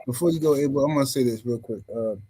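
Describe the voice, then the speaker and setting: A man hosting a podcast, telling stories in an animated way and swearing freely. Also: mid-range voice, fast talker, slight background noise, rough recording. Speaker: podcast host. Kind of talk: podcast commentary.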